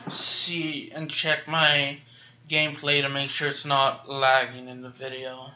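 Kinda tired gamer dude rambling thru gameplay, bright voice, lo-fi sounding mic. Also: male voice, mid-range voice, monotone, slow pace. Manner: chatty, rambling with restarts. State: a little tired. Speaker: gaming YouTuber. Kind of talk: casual gameplay commentary.

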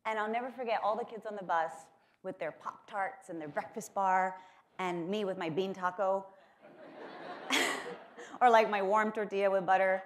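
A woman's voice: mid-range voice, normal speed, a little hiss or hum. A woman from Texas giving a keynote speech, telling chatty, self-mocking stories with lots of fillers. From Corpus Christi, Texas. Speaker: keynote speaker. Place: lecture hall at a conference.

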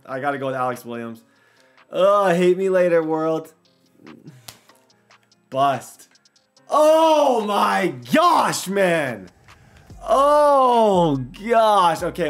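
Excitable young man commenting on gameplay. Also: fairly high pitch. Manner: excitable, loud outbursts, self-mocking. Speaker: gaming commentator. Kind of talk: casual game commentary.

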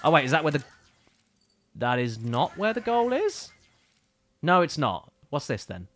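A man's voice: a little high, very animated, unhurried, fairly bright tone, slight background noise. Playful man streaming a game. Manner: playful, teasing, chatty. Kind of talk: casual gameplay commentary.

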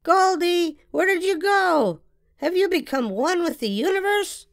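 A woman voicing an excitable little girl with a big imagination, reading with a theatrical, sing-song manner. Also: extremely high pitch, normal speed, vocal fry, no echo, clean studio sound, pitched above the performer's own voice, exaggerated voice. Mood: playful.

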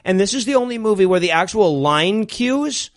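High-voiced man joking through a movie. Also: expressive, normal speed. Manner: laughing, profane, retells scenes. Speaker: podcast co-host. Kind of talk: casual comedic movie commentary.

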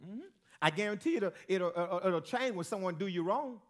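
A man preaching a sermon as pastor to a church congregation, with call-and-response and stretches that build to shouting. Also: high-pitched, lively intonation, normal speed.

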